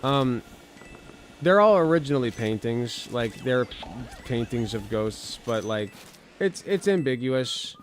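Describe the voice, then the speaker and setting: A man casually commenting on a video game with wry, deadpan asides. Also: medium pitch, slow, slight background noise. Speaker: streamer playing a game. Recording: faint game music behind.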